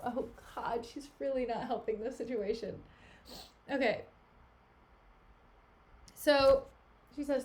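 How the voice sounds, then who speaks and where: Chatty woman streamer, slightly high voice. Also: measured pace, pauses often, darkish tone. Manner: casual, slangy, chatty asides. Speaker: streamer reading a play aloud. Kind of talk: casual read-through with slangy paraphrase.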